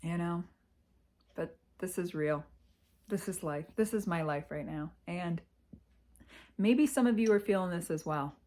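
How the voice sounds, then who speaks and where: Slow, reflective woman's confessional vlog. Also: on the low side, warm tone. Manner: reflective, halting, sighs and pauses. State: emotional, close to tears. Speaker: vlogger. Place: her parents' house.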